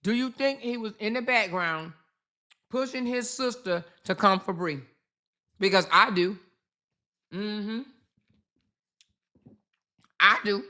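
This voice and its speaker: Brash, bright-voiced woman livestreamer. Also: medium pitch, takes it slowly, pauses often. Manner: brash, profane, calls viewers y'all and honey. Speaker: livestream host. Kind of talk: casual livestream commentary.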